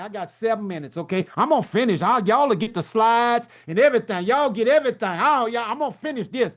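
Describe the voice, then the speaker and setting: Man, middle-aged, very high voice, loud, preacherly, rousing speaker. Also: expressive, quick pace, hardly any pauses. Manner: loud, preacherly, rousing with call-and-response asides. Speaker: summit speaker. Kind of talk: energetic motivational presentation.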